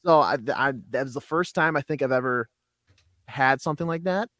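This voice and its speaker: A man's voice: medium pitch, a little fast, a bit bright. A man co-hosting a sports talk podcast, a chatty storyteller who laughs easily. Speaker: podcast co-host.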